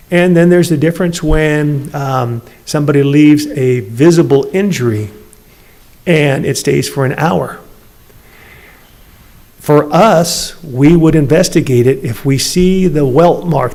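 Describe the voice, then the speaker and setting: Police chief explaining at a council meeting. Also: male voice, medium pitch, a little mellow. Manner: measured, explanatory, uses plain examples. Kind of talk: answering questions at a public meeting.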